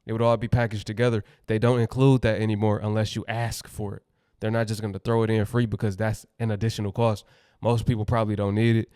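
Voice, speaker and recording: A man with a lowish, smooth and clear voice gives casual commentary, laying out his points plainly and thinking them through as he goes. The sound is close and dry, with no room around it. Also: little pitch movement, fast, darkish tone, dry recording. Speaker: commentary channel host.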